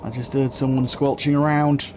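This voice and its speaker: A man's voice: mid-range voice, little pitch movement, moderate pace, darkish tone, slight background noise. A man giving chatty live gameplay commentary as a streamer, swearing casually and talking to his chat.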